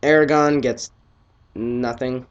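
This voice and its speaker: A teenage boy casually reviewing a film, excitable and rambling, his voice often trailing off quietly. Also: medium pitch, takes it slowly, clear, resonant tone, muffled recording.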